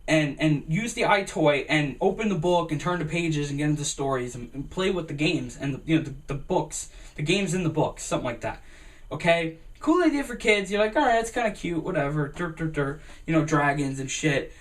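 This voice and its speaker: A young man giving a rambling, excitable gaming commentary, full of fillers and swearing. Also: a little high, recorded from a distance. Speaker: gaming vlogger.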